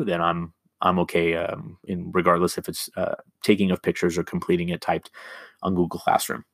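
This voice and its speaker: A man's voice: low-pitched, no room sound, studio quality. A man teaching a recorded remote lesson, explaining an assignment step by step with many ums and restarts.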